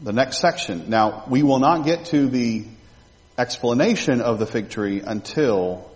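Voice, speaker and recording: A male pastor preaching a sermon, animated and full of rhetorical questions to his congregation. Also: mid-range voice, unhurried. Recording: long reverb of a large hall.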